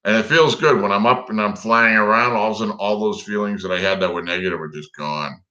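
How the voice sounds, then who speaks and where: A man's voice: fairly low pitch, fast, pushed and bright, dull audio. A man guesting on a casual livestream chat, telling rambling stories and chuckling as he goes. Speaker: guest drone hobbyist.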